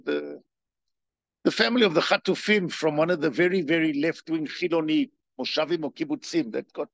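A man giving a spoken religious lecture, animated, firing rhetorical questions and repeating himself. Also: a little high, vocal fry, dry recording. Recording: dull, dry lo-fi recording.

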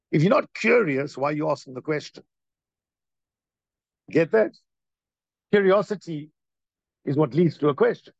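A man leads a Torah lesson, firing off rhetorical questions as his voice swings up and down with a gravelly edge. The recording is dry and slightly muffled. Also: fairly high pitch, dry recording. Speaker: rabbi teaching a class. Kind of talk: Torah class lecture.

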